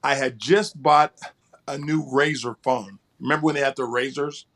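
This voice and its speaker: A man's voice: medium pitch, unhurried, fairly bright tone. A man co-hosting an interview, telling a personal story in an earnest way and often repeating words as he starts a phrase. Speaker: co-host.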